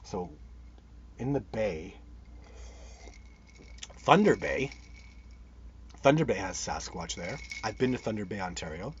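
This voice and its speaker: A man's voice: fairly low pitch, animated, slow, pauses often. A man hosting a live show, chatting with viewers as he reads their comments, rambling and enthusiastic with many restarts. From Canada. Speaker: host of a live Bigfoot show. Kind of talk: live-stream chat answering viewer comments. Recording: dull sound with faint background noise.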